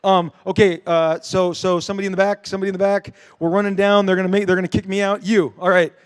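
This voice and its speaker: Middle-aged man, high voice, lively fan-panel storyteller, quick jokes with the crowd. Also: clean tone. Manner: animated storytelling, joking with the audience. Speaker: comic book creator on a convention panel. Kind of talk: convention panel Q&A. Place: dark convention panel room.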